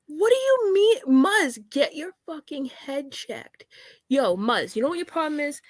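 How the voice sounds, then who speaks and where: A woman's voice: high-pitched, big pitch swings, a little slow, no room sound, studio quality. A woman co-hosting a livestream, calling someone out in an exasperated, profane rant. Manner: exasperated, profane, calls people out. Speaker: livestream co-host.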